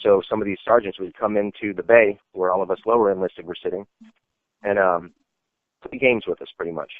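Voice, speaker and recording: A man's voice: deep voice, steady tone, fairly quick, no room sound. A man, an army veteran, telling stories in a casual, rambling way full of "like" and "you know". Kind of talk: casual storytelling. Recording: tinny phone-like dry sound.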